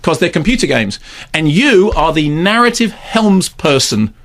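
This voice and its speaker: Male critic, gravelly and creaky, slightly high, sardonic rambling chatter. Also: sing-song, moderate pace, a bit bright. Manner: rambling, sardonic, repeats words for comic effect. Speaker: film critic. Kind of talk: casual radio chat, film review.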